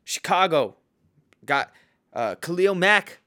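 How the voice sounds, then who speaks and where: A man's voice: sits high, sing-song, takes it slowly, bright, forceful tone, no echo, studio quality. Profane rambling man ranting picks. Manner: profane, rambling, with many fillers and restarts. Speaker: host making football picks. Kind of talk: casual profane rant.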